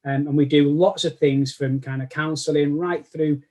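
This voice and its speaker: A man's voice: fairly high pitch, steady tone, normal speed, darkish tone. A man with a Manchester accent, a guest chatting casually in an interview and often restarting his sentences. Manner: rambling, lots of restarts and self-corrections. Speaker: guest cosplayer.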